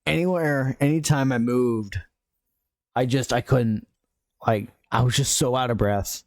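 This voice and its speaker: Slow, mellow-voiced man rambling over gameplay. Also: mid-range voice, no echo. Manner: rambling, absurd jokes, frequent laughter; muttering asides to the game. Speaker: gaming podcast host. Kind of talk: casual gameplay commentary.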